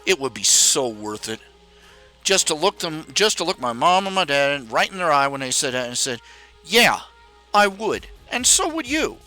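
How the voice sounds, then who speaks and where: A podcast host with a mid-range, sharp-toned voice and lively intonation rants casually on his talk stream at a moderate pace. He rambles with frequent restarts and mocks his parents in raised voices when quoting them. The audio is poor, with faint background music.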